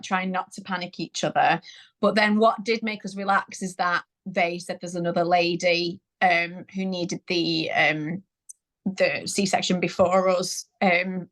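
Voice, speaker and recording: A woman's voice: on the low side, a bit bright. A woman in her thirties, guest on a parenting interview, chatting casually and laughing often as she retells events. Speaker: guest sharing birth story. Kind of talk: casual conversational storytelling.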